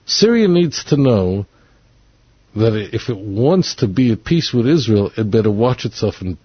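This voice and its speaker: A man's voice: mid-range voice, very animated, measured pace, husky, dry recording. A man delivering an opinionated monologue as a commentator, talking bluntly and emphatically, repeating his points and restarting sentences. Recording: dull lo-fi dry recording.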